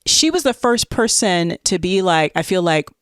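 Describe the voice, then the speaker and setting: A woman co-hosting a podcast, telling stories in a casual, animated way with lots of fillers. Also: on the low side, moderate pace, smooth, no room sound, clean studio sound. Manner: animated storyteller, many fillers. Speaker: podcast co-host. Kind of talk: casual chat.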